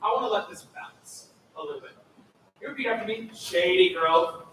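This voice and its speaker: A man with a fairly high, very animated voice leads a school choir rehearsal, calling out counts and modeling each phrase himself. He is picked up from across a big, booming hall, with a faint hum of ambience underneath. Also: fast talker. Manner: energetic, demonstrates phrases by speaking and singing them. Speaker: choir clinician. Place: large echoey rehearsal room. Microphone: far room recording. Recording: echoey hall recorded from far off.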